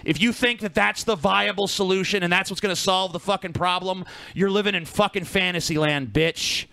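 A man tears into his critics in blunt, profane rants. His voice is high, bright and gravelly, recorded dry and close to the mic. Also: steady tone, fairly quick, no echo. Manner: blunt, profane, combative ranting. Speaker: podcast co-host. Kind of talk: profane casual chat.

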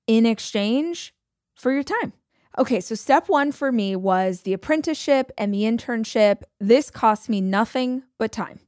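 A woman hosting a podcast, telling a personal story in a candid, animated, conversational way. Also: medium pitch, no room sound, studio quality. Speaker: podcast host.

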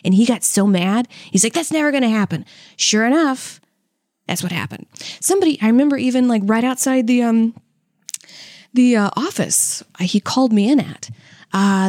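A woman's voice: medium pitch, no room sound, clean studio sound. A young woman from Louisiana, a comedian and podcast co-host, telling candid stories in a chatty, profane way and laughing often. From Louisiana, US South. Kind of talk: candid casual storytelling with stand-up jokes.

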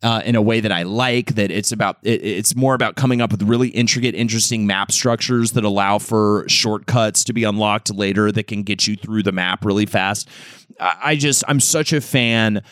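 A man's voice: lowish voice, steady tone, normal speed, a bit bright, dry recording, clean studio sound. Enthusiastic rambling podcast man. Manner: enthusiastic, rambling with frequent restarts. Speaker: podcast co-host. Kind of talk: casual podcast chat.

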